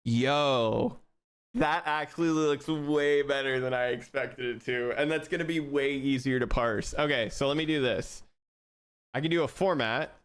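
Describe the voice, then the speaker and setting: A young man live-streaming as he codes, talking casually to his chat, laughing often and thinking out loud with restarts. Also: medium pitch, unhurried, clear, resonant tone.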